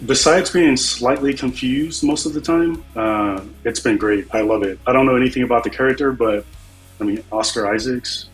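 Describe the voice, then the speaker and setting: A man's voice: mid-range voice, normal speed, faint music behind, poor audio. A man chatting as a guest on a review show, easygoing and playful. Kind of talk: casual review chat.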